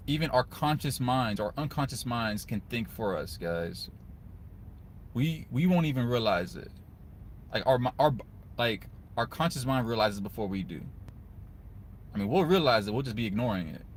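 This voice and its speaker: An earnest young man speaking to camera, at a middle pitch and with a casual, heartfelt way of talking. He keeps checking in with his listeners. A faint hum of background noise sits under his voice. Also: expressive, normal speed. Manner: earnest, conversational, repeats "guys" and "right?". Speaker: video host giving advice to men. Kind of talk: casual motivational talk to camera.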